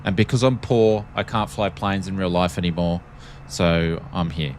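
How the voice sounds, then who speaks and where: Joking Australian man, low voice. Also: little pitch movement, normal speed, slight background noise. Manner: joking, rambling, self-deprecating. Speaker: flight sim streamer. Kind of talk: casual live-stream chat.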